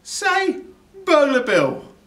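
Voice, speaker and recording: A man voicing a gruff male burglar who talks in broad, blunt, blustering common speech. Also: very high voice, huge pitch swings, drawn-out words, bright, forceful tone, reverberant, pitched above the performer's own voice, heavily acted. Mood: bemused.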